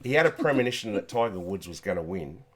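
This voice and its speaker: A man's voice: deep voice, very animated, fast. Chatty Australian male host. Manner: chatty, laughs often, stumbles over words. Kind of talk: casual live show chat.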